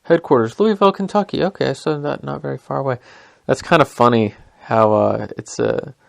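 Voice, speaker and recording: Gravelly young man rambling casually. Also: mid-range voice, animated, fairly quick. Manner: rambling, self-deprecating, lots of fillers. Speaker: podcast host.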